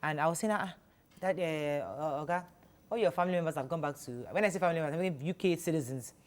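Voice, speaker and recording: A woman hosting a talk show, telling a story in a chatty, animated way. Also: low-pitched, quick pace. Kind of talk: casual studio chat.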